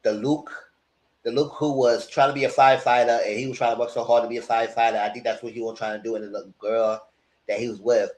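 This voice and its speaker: A man giving casual, gossipy reality TV commentary, animated and freely profane. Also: medium pitch, fast talker.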